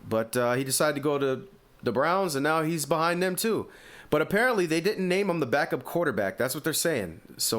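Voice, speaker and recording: This is a man from the US Northeast, East Coast accent and all, running a sports podcast. His voice sits at a medium pitch, and he fires off animated, opinionated takes loaded with rhetorical questions.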